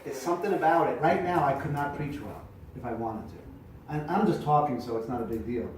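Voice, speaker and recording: Chatty pastor in an echoey room. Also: male voice, a little high, fairly quick. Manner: casual, chatty, demonstrates projecting from the diaphragm. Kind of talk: informal teaching talk to preachers. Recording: echoey room, mic at a distance, faint noise.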